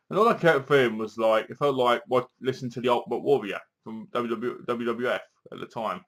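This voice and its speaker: A man giving a casual, animated movie review, acting out lines from the film as he goes. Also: mid-range voice, quick pace, few pauses.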